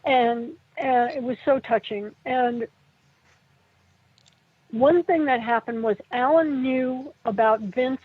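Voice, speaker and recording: A middle-aged woman tells her story in a halting, emotional way, her higher voice a little husky. The sound is thin and phone-like, and the room is dry. She comes across as a guest speaking over a remote call. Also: no echo. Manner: emotional, halting, tearful at times. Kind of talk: personal interview recollection. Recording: tinny phone-like line.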